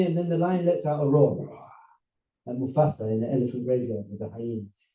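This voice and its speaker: A man with a somewhat high but very dark, mellow voice lectures to a seminar crowd, telling a story with lively acted-out voices. He sounds some distance from the mic, in a roomy, echoing hall. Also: a little fast, dull audio. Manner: animated, acts out characters with voices and laughs. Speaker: rabbi giving a seminar talk.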